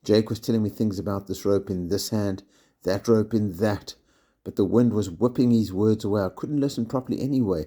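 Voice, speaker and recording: Low gravelly guy reading a kids' story out loud, dark mellow tone. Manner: steady first-person narration. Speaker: primary school teacher reading aloud.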